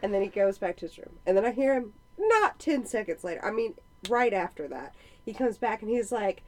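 A woman in her thirties telling funny family stories in casual chat, lively and then dropping quiet for asides. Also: fairly high pitch, fairly quick. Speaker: podcast co-host.

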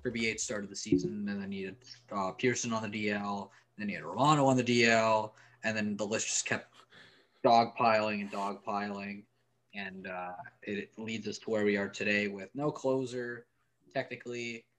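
A man's voice: lowish voice, steady tone, moderate pace, a bit bright. A man co-hosting a sports podcast, chatting in a wry, offhand way with plenty of likes and ums. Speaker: podcast co-host. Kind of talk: casual sports podcast chat.

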